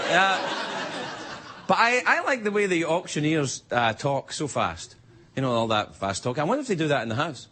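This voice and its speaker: A man's voice: fairly high pitch, very animated, moderate pace, pushed and bright. A man with a Scottish accent delivering a rambling, wry late-night stand-up monologue in a TV studio. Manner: wry, rambling, jumps into silly voices. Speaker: late-night talk show host. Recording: TV studio with audience laughter and noise.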